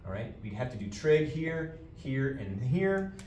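Very animated yet a little slow, a math teacher with a mid-range, darkish voice lectures his class on geometry. He keeps repeating key terms and asking "all right?". The recording sounds roomy and far from the mic, with faint background noise.

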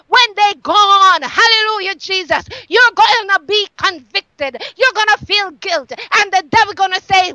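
Woman preacher, very high voice, bright and forceful, dry close sound, fervent sermon. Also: no echo, poor audio. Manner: fervent, repeats yes and hallelujah, swings from shouting to hushed.

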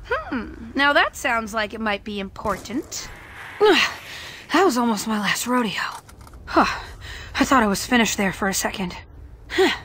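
A woman's voice: fairly high pitch, creaky, bright, forceful tone, a little hiss or hum, exaggerated voice. An actress voicing a brash, wisecracking young woman who fights zombies in a video game, trash-talking as she goes.

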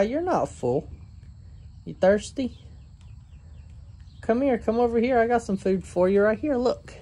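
A man chatting casually to viewers outdoors on a farm, coaxing his goats in a gentle sing-song. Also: high-pitched. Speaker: homesteading vlogger. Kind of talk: casual vlog chat.

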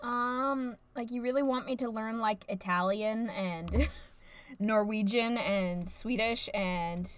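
A woman's voice: fairly high pitch, takes it slowly, smooth. A young woman from the United States chatting casually and rambling while streaming a game. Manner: rambling, chatty, frequent fillers. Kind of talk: casual live-stream chat.

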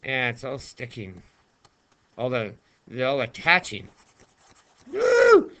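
A man's voice: medium pitch, measured pace, bright, forceful tone. A male math teacher talking through a screen-recorded lesson in a chatty, playful way, chatting to himself as he writes.

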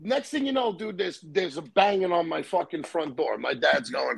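A man's voice: fairly high pitch, moderate pace, vocal fry, husky. A man telling a profane, rambling story in casual chat. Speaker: storyteller guest. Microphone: live stream call.

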